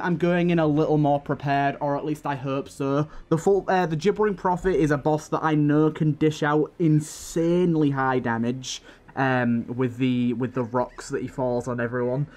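A man's voice: medium pitch, a little mellow, a little hiss or hum. A man hosting a roleplay game series, enthusiastically praising fan diaries and rambling through his plans. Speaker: let's play host. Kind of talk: gameplay commentary and reading fan diaries.

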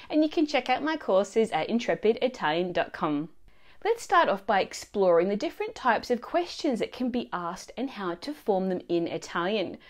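A woman narrating a scripted language lesson in a clear, expressive teaching manner. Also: on the high side. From Australia.

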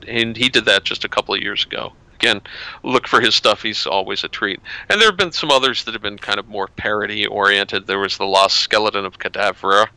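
Man, low gravelly voice, bright crisp tone, rambling casual chat. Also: no room sound, rough recording. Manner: rambling, restarts often. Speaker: guest author.

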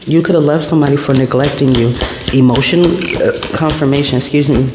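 A man's voice: on the high side, fairly quick. A man giving an intuitive tarot reading to camera, talking in a meandering, repetitive way as the messages come to him. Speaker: tarot reader. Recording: echoey room with long reverb and steady background noise.

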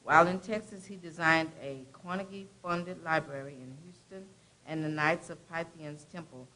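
A woman from a college staff reads a short biography at an event. She sounds casual and chatty, breaking off for quick asides between facts. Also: deep voice, bright, forceful tone, low-quality recording. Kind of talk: reading a biography aloud.

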